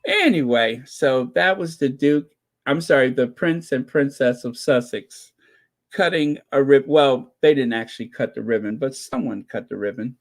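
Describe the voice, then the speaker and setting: A man hosting his own channel, giving excited casual commentary, gleeful and laughing, who repeats his points over and over. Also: mid-range voice, moderate pace. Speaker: channel host reacting to royal news.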